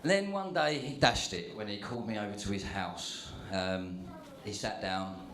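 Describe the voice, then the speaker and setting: A man's voice: fairly low pitch, normal speed, a bit bright. Joking best man in an echoey hall. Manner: jokey, chatty, with many fillers and asides. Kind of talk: wedding speech. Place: wedding reception venue, indoors.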